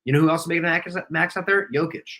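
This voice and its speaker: A man's voice: on the high side, fairly even intonation, fast talker, pushed and bright. A man co-hosting a live game watch party, talking bluntly and swearing freely. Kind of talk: casual live game chat.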